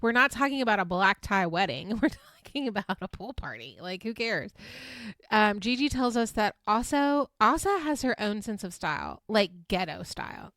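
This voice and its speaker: A woman's voice: medium pitch, very animated, moderate pace, fairly bright tone, dry recording, studio quality. A woman past her twenties hosting a casual, chatty recap. She speaks frankly, swears freely and laughs often between fillers. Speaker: podcast host recapping a reality show.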